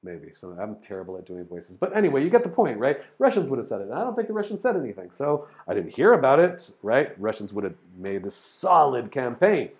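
A man hosting a casual explanatory monologue, rambling through ideas, spelling out words and filling pauses with ums and restarts. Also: medium pitch, sing-song, highs cut off. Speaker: host explaining topics to listeners.

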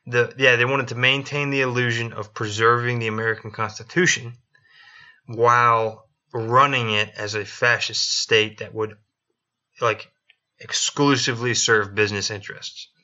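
Bright, profane male podcast storyteller. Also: medium pitch, steady tone, moderate pace. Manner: profane, joking, acts out quotes. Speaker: podcast co-host. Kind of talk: casual history storytelling. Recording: dull lo-fi recording.

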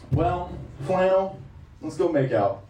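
A man's voice: echoey room, distant mic, poor audio. A man doing a stand-up comedy set, brash and crude in his delivery. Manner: brash, crude, loud swings in pitch.

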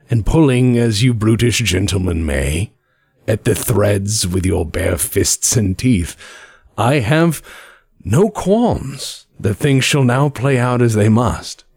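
A man voicing a refined, menacing male spymaster who speaks in a silky, measured, dainty way. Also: lowish voice, sing-song, a little mellow, husky, dry recording, clean studio sound, exaggerated voice. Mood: veiled threat.

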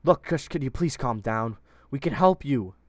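A man voicing a stern young man who is urgent and reassuring at times and low and intimidating at others, in a read story. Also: normal speed, no room sound, natural voice. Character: stern young man, protective then menacing.

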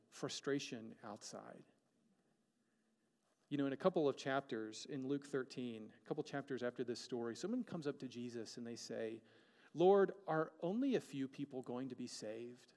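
A man's voice: medium pitch, a little mellow, big-room sound. A man preaching a sermon as a pastor, earnest, with rhetorical questions and dramatic shifts of pace.

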